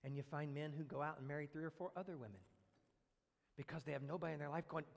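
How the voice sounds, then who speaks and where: A man's voice: a little high, fairly even intonation, quick pace, creaky, in a large hall. A man preaching a sermon as pastor, blunt and sarcastic, mocking excuses with quoted voices.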